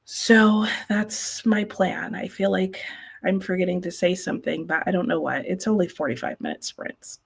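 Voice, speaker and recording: A woman's voice: lowish voice, normal speed, gravelly, slightly rough. A woman hosting a live reading stream, chatting casually and rambling to her viewers while sounding sleepy. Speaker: host of live reading sprints. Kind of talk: casual livestream chat.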